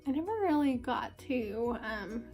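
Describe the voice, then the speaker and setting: A woman's voice: on the high side, measured pace, darkish tone, faint music behind. A young woman with a congested, sick voice chatting casually and upbeat through a makeup tutorial. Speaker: beauty vlogger.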